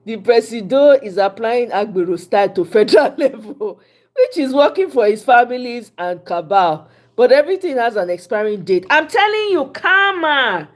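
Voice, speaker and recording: A woman with a Nigerian accent hosts casual political commentary, switching freely into Pidgin with a lively, emphatic flow. Her voice sits a little on the high side. She laughs easily between points. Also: moderate pace. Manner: animated, mixes Pidgin, laughs often.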